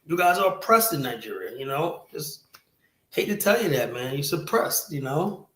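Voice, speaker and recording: A man hosting a stream, talking bluntly and profanely and rambling, with a steady stream of "you know". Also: on the high side, moderate pace. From United States. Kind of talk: casual stream talk. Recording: roomy echoey sound.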